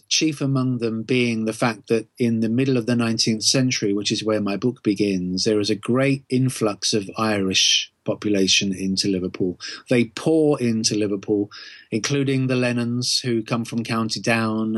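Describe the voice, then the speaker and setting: A man's voice: lowish voice, dry recording. A man, an author being interviewed, explaining thoughtfully at length with frequent ums and restarts. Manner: measured, thoughtful, many ums. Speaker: author and guest.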